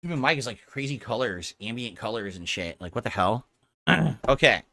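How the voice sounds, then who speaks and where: A man's voice: mid-range voice, expressive, normal speed, creaky, sharp tone. A man streaming a video game, chatting casually to his viewers and narrating his play. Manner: chatty, talks to chat while playing. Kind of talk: casual live-stream chat and gameplay narration.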